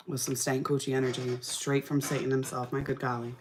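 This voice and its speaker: Brisk and with few pauses, a low-pitched young woman tells a heartfelt, sassy story mid-makeup. It's animated, casual tutorial chatter from a makeup vlogger.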